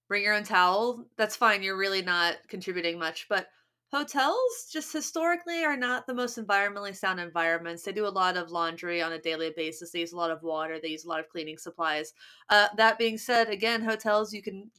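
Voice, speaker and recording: A woman's voice: mid-range voice, sharp tone, clear, resonant tone. A woman co-hosting a podcast, giving practical tips in a casual, chatty way with plenty of fillers and restarts. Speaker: podcast co-host. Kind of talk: casual chat.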